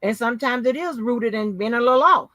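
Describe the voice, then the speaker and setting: A woman hosting her own channel, telling a story in a casual, animated, profane and mocking way. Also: fairly high pitch, fairly quick, no room sound. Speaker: channel host. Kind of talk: casual live-stream commentary.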